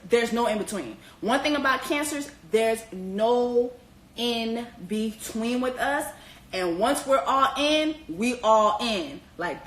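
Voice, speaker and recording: A woman hosting casual commentary on a reality TV show, animated and slangy, with profanity and squealing high exclamations. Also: reverberant, low-quality recording. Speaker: host.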